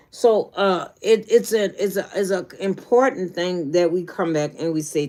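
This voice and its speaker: A woman's voice: fairly low pitch, steady tone, moderate pace, hardly any pauses, darkish tone. Folksy woman. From New Orleans. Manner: folksy, preachy, encouraging. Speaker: YouTube coach. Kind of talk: casual livestream talk.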